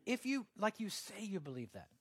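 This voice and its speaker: A man's voice: high voice, big pitch swings, moderate pace, creaky, husky, no echo. A young man preaching a casual, joking sermon, acting out little scenes as he goes. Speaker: pastor.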